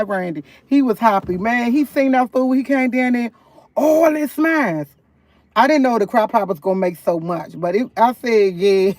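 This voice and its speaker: A chatty woman talks straight to her viewers from inside a parked car, rambling through everyday stories. She laughs often and gets animated as she retells them. The sound is close and dry, with no room echo. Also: mid-range voice. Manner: rambling, chatty, keeps addressing viewers as y'all. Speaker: livestreamer. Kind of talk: casual live-stream storytelling.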